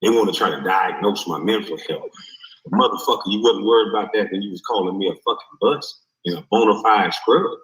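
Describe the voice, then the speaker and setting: A man delivering a heated, profane rant in a streamed clip, forceful and animated. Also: lowish voice, a little fast. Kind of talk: heated ranting monologue. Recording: roomy echo.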